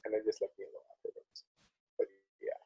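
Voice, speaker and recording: A man hosting a casual chat, telling stories in an animated way and acting out what others said. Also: quick pace, lo-fi sound. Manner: animated storytelling with acted-out quotes.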